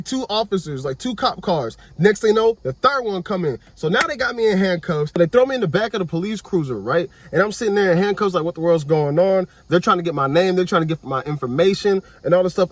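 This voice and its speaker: A young man recounts a story in a lively, rambling way, acting out each back-and-forth. His voice sits high for a man. The sound is dry and close, with no room around it. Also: no echo. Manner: animated, repeats "I was like", acts out dialogue. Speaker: vlogger. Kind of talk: casual storytelling.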